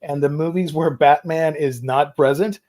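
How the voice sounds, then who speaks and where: A man's voice: a little high, normal speed, a little mellow. A man chatting as a guest about comic movies and books, explaining at length with many fillers. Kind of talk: casual chat.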